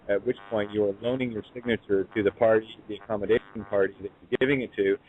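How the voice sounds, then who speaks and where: A man hosting a talk show who speaks haltingly with many fillers and breaks in on his guest. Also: lowish voice. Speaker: host. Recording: tinny phone line.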